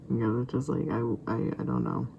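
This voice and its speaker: In a rough recording with steady background noise, a young male vlogger with a mid-range, vocal-fry voice rambles casually. He stammers, restarts, and now and then whispers an aside.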